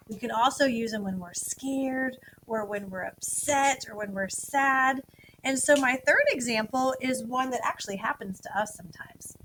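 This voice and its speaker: High bright lady teacher, talks slow n clear to little kids, a bit of faint hiss behind. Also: rough recording. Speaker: first grade teacher. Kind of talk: recorded video lesson for young children.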